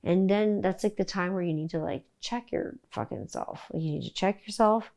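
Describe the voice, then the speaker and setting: A woman's voice: medium pitch, normal speed, vocal fry. A middle-aged woman from Canada hosting a casual solo podcast, telling stories bluntly with plenty of swearing. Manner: blunt, profane, animated storytelling. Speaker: podcast host.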